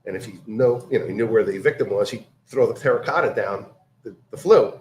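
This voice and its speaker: A man telling a story in casual chat, halting with many fillers and restarts. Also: on the low side, roomy sound, a little hiss or hum.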